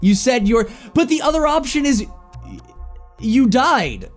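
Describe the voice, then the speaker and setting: A woman's voice: on the high side, very animated, unhurried, faint music behind. A woman streamer chatting and giggling through a game, swearing lightly. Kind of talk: casual game commentary.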